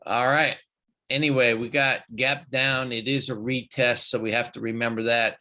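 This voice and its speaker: A man's voice: medium pitch, little pitch movement, normal speed, bright, forceful tone. A man hosting a live trading show, chatty and folksy as he walks through stock charts. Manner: folksy, chatty, loose with fillers. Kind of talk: live market commentary.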